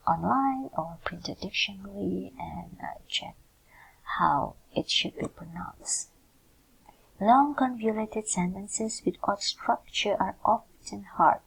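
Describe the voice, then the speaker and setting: A woman's voice: mid-range voice, creaky, breathy edge, low-quality recording. A woman lecturer, explaining a lesson in a recorded screencast and often checking in with "yeah". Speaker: university lecturer.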